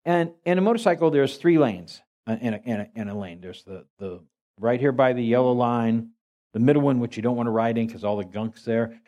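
A male pastor giving a sermon in a folksy, storytelling way. His voice sits a bit higher than most men's. He stumbles and restarts often as he talks. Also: mellow.

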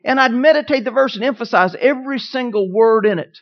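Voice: mid-range voice, brisk, hardly any pauses. A preacher delivering a sermon, who repeats declarations with building emphasis and asks the congregation questions. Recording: dull, lo-fi sound.

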